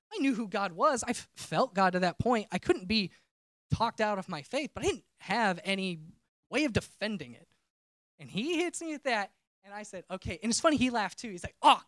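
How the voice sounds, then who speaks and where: Here the man's high voice sounds pushed and bright, with no echo and studio-quality sound. He preaches his testimony as a relaxed, conversational story, repeatedly interrupting himself to restart lines.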